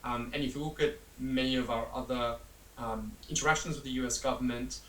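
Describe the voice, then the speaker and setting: A man's voice: medium pitch, steady tone, a little fast. Male journalist, distant roomy mic. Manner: rambling with many fillers, laughs at absurdity. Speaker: journalist being interviewed. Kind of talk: conversational explanation. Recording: roomy echo, distant mic, faint hiss.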